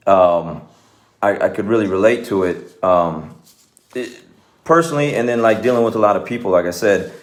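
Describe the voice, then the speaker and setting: A man, a martial arts coach, talking casually and earnestly to his viewers, rambling with many fillers and restarts. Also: low-pitched. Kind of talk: casual talk to camera.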